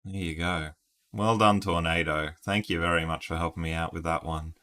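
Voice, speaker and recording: A man's voice: deep voice, steady tone, moderate pace, pushed and bright. A man streaming word games, chatting casually and thinking aloud while laughing at himself. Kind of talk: casual live-stream commentary.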